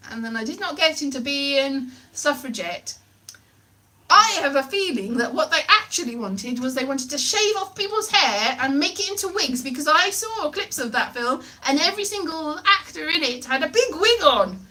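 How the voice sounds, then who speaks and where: Playful, high-voiced woman. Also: expressive, moderate pace, bright, forceful tone. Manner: playful and silly, slipping into put-on voices and nonsense sounds. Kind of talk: comic rambling chat.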